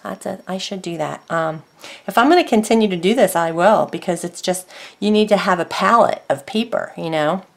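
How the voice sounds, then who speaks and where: A woman's voice: on the low side, normal speed, creaky. A woman casually showing and explaining her papercraft project, rambling with many fillers and self-corrections. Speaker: craft vlogger. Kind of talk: casual craft show-and-tell.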